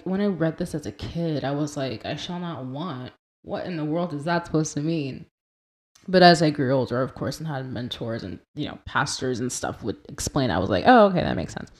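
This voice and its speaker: A young woman hosts a faith podcast in a low, mellow voice. She talks earnestly and casually, reading scripture aloud and unpacking its words, now and then laughing at her own pronunciation. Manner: earnest, conversational, quotes and explains scripture. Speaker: podcast host. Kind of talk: Christian devotional podcast talk.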